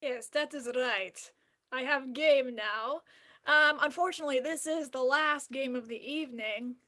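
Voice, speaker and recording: A woman's voice: high-pitched, a little slow, sharp tone. A woman performing improv comedy and introducing a game over a video call, with formal phrasing.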